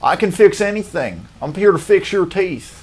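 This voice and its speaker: A man's voice: high-pitched, expressive, normal speed, darkish tone, husky, pitched above the performer's own voice. A man voicing a cheerful, overconfident male dentist with a falsely friendly, sing-song manner. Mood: chipper.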